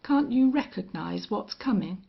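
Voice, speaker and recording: A steely old gunfighter, as a woman narrator puts him on, flat and cold, each threat unhurried. Her voice has a husky, gravelly edge, and the recording sounds muffled and lo-fi. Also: medium pitch, heavily acted. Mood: menacing. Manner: strange, monotonous, cold. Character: grim, steely older male gunfighter and hunter.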